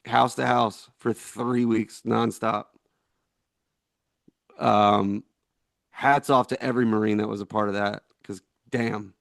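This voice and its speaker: A man's voice: lowish voice, little pitch movement, slow pace, gravelly, long pauses, no room sound, clean studio sound. A man in his forties, a veteran being interviewed, telling a story in a rambling, laughing way with many fillers. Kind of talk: casual storytelling.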